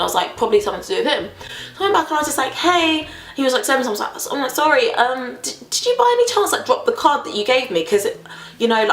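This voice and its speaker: A woman vlogger telling a casual story, dramatic and animated, acting out quoted voices. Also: medium pitch, roomy sound.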